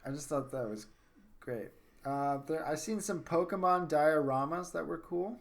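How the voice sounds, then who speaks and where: A man's voice: fairly high pitch, normal speed, gravelly. A man hosting a casual podcast chat, rambling enthusiastically and repeating himself. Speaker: podcast host.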